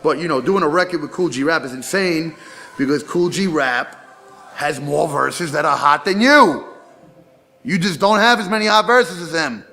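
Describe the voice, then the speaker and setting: A man's voice: on the high side, moderate pace, pushed and bright. A man, a rapper, talking casually in an interview and telling boastful, profane stories.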